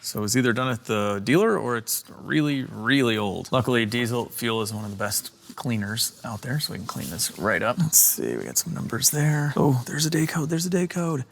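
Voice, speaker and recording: Vlog host, middle-aged man: gravelly, excitable, talks viewers through a repair in his garage. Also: mid-range voice, moderate pace, hardly any pauses. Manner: chatty and excitable, talks to viewers while working. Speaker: car channel host. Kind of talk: hands-on DIY repair vlog talk. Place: home garage workshop.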